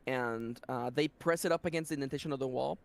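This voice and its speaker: A man narrating a tabletop role-playing game as game master, setting scenes in an animated, playful way. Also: mid-range voice, quick pace, gravelly.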